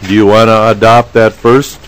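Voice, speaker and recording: A man chairing a legislative committee meeting in a formal, halting way, pausing often on fillers. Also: lowish voice, little pitch movement, slight background noise, low-quality recording. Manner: halting, frequent filler pauses.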